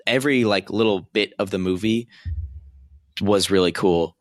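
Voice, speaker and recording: A young man co-hosting a podcast, chatting about a movie in a hesitant, halting way. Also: on the low side, dry recording, clean studio sound. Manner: hesitant, halting, frequent fillers. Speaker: podcast co-host. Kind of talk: casual movie review chat.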